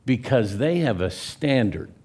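A man with a Texan accent preaching a sermon in a church, telling stories in a folksy way and pausing to restart his phrases. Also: mid-range voice, expressive, darkish tone. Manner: folksy storyteller, pauses and restarts. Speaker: pastor. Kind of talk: sermon with a story. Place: church sanctuary.

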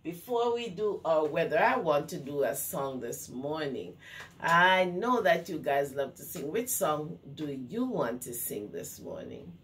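Woman teacher talking to little kids, slow and sing-songy, kinda far from the mic with a little hiss. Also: sits low. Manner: sing-song and animated, with gasps of delight. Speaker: children's circle time teacher. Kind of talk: talking to young children.

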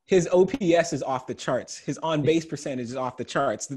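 A middle-aged man hosting a sports panel, telling stories in an animated way and often laughing. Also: fairly high pitch, normal speed, slightly rough. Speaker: host. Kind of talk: panel discussion.

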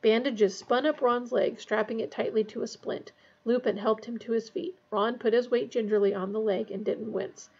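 Husky-voiced woman reading a novel aloud. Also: a little high, fairly even intonation, normal speed, darkish tone, lo-fi sound. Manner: casual recap before reading. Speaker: reader.

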